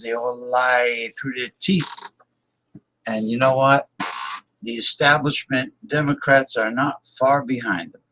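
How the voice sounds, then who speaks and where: Reading viewer messages out loud on a casual political livestream, this blunt man hammers his points home by repeating words. His delivery is slow and drawn out, at a middle pitch with a fairly bright tone. Recording quality is low.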